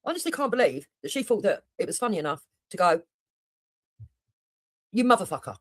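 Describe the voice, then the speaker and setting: Woman ranting on a stream, swears a lot, fast and all over the place, dry sound. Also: fairly low pitch, big pitch swings, no room sound. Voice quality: blunt, heavy swearing, mocking. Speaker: livestreamer reacting to another streamer. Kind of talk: heated reaction commentary.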